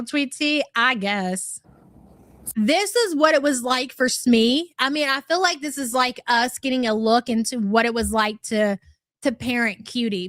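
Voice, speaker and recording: A woman with a high voice hosts a commentary livestream, reading super chats aloud. She talks in a sarcastic, incredulous, teasing way. Her voice sounds dry and close to the mic. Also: fairly bright tone, dry recording. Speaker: commentary channel host.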